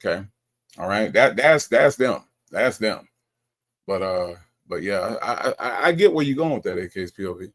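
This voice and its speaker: A man's voice: fairly low pitch, normal speed. A man hosting a show, teasing and ribbing a caller in casual commentary. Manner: teasing, repetitive, animated. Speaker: show host. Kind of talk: casual commentary on a call recording.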